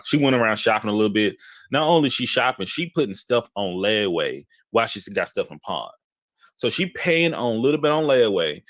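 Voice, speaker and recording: A young man tells a story in a rather low voice. He acts out the people in it as he goes, and the recording is close and dry. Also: no room sound. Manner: animated storyteller who acts out quotes. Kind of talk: casual storytelling chat.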